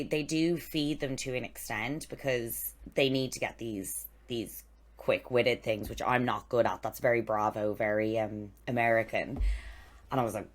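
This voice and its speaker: Very low-voiced woman telling stories. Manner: animated storytelling, swearing, acting out quotes. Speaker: podcast co-host. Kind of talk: casual chat.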